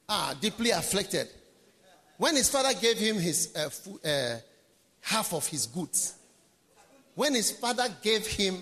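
A man preaching a sermon at a pastors' conference, emphatic and repetitive, with dramatic swings between quiet and shouted lines. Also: sits high, sing-song, measured pace, pauses often, long reverb tail. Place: large conference hall.

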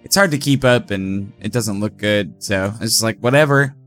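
A sleepy man co-hosting a podcast, laid-back and low-key in easy chat. His voice sits a bit low. Faint music plays quietly under him. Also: normal speed. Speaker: regular co-host. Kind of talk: casual chat.

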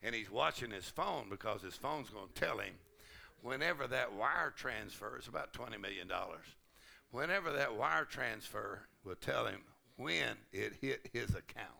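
Gravelly, exuberant preacher. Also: male voice, medium pitch, animated, normal speed. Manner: exuberant, laughing, shouting "woo". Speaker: pastor. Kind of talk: sermon. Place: conference hall. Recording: crowd heard in a hall.

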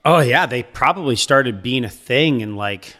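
Speaking at medium pitch and a moderate pace, this seed company co-founder from Iowa, in his thirties, sounds expressive, bright and forceful. He's an easygoing podcast guest in a casual interview, rambling and leaning on fillers.

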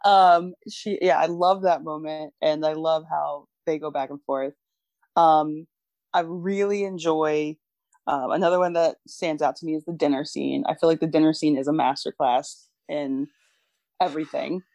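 A woman's voice: deep voice, fairly even intonation, moderate pace, darkish tone, no echo. A woman co-hosting a casual podcast, talking enthusiastically about films and laughing often. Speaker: podcast co-host. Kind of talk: casual film discussion.

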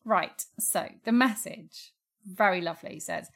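A woman's voice: medium pitch, very animated, normal speed. A woman co-hosting a podcast in casual chat, bantering and teasing, often laughing. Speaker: podcast co-host.

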